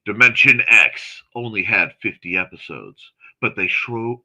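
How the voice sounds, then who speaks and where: A man hosting a morning livestream, chatting casually and reading viewer comments aloud in a chatty, excitable way with snarky asides. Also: on the low side, measured pace, dull audio. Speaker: host of a morning livestream chat show.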